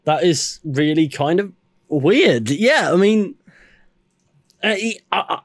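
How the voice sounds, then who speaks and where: A man's voice: on the high side, animated, slow, no echo. Incredulous young man on a dry mic. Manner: incredulous, swearing, stumbling restarts. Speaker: podcast co-host. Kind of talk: casual podcast chat.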